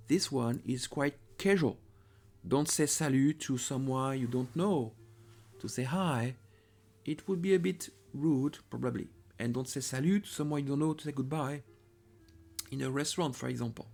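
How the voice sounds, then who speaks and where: Patient French-accented male teacher, slow careful delivery, animated pitch. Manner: patient, repeats phrases slowly, corrects himself. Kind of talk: slow language lesson with repeated phrases.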